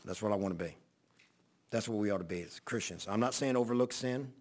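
A man's voice: lowish voice, brisk, darkish tone. A middle-aged man, a pastor, telling a long folksy story in a rambling sermon. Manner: folksy, rambling anecdotal preaching.

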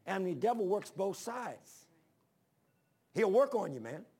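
Male preacher, folksy and rambling, gravelly voice pitched a little high. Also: big pitch swings, measured pace, warm tone. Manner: folksy, rambling, talks straight to the congregation. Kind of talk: sermon.

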